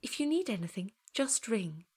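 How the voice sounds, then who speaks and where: A woman voicing a calm, polite female flight attendant who speaks in a measured way. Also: medium pitch, slightly rough, pitched above the performer's own voice.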